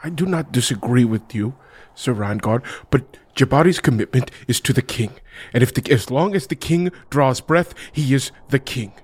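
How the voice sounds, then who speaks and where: A man's voice: medium pitch, animated, darkish tone, breathy edge. A man playing a dutiful third-person warrior. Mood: firm. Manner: formal, halting, third-person speech. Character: dutiful male warrior who speaks of himself in the third person.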